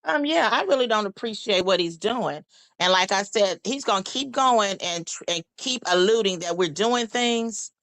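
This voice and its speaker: A woman's voice: medium pitch, expressive, moderate pace, fairly bright tone, no echo, low-quality recording. A woman, a moderator on a livestream panel, asking indignant questions and tripping over her words. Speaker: panel guest, channel moderator.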